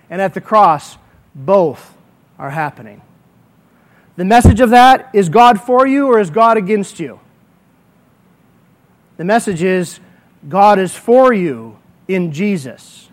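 A male pastor preaching a sermon, emphatic, slowing down to stress key words. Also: high voice, lively intonation.

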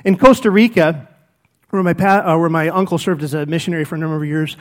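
A man's voice: on the high side, fast. A middle-aged male pastor preaching a sermon, telling personal stories and acting out what people said. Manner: animated storytelling, acts out quoted speech.

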